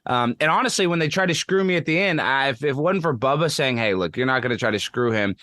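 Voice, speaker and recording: Fighter guy on a radio show, bright punchy voice, talks eager, dry close mic. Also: medium pitch, expressive, fast, no echo. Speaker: guest fighter. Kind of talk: casual radio talk.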